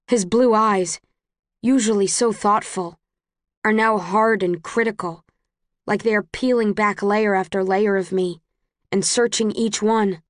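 A woman's voice: mid-range voice, steady tone, a little slow, no echo, clean studio sound. A woman reading a novel aloud in first person, earnest and emotional. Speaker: audiobook narrator.

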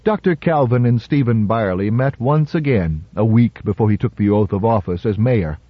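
A male narrator reading a story in a measured, dramatic way. The sound is dry and close, with a slightly muffled, dull tone. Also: fairly low pitch, no echo. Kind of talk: audiobook narration. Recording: slightly muffled audiobook recording.

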